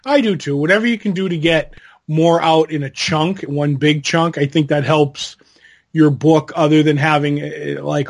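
A man with a slightly raised voice co-hosts a relaxed podcast. He speaks in a deadpan, joking way and keeps his tone casual. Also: fairly high pitch, normal speed. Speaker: podcast co-host. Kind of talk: casual chat.

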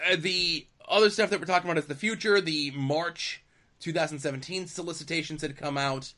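Bright-voiced chatty male podcast host. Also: fairly high pitch. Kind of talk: casual chat.

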